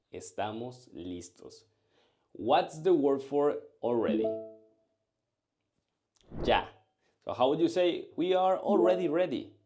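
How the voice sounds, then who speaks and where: Male language tutor, slow deliberate delivery, animated pitch, scripted lesson read. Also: a little hiss or hum. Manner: slow, carefully enunciated drilling of phrases. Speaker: language teacher.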